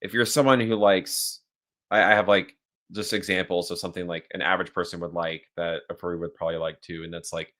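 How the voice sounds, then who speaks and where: A man as a guest in a casual interview, calmly explaining, with many filler words. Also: low-pitched, a little fast.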